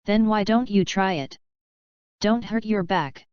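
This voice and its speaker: A woman's voice: mid-range voice, unhurried, darkish tone, clean tone, no echo, lightly acted. A woman reading the lines of a cocky young male fighter with a teasing, wisecracking manner. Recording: dry, slightly dull lo-fi sound.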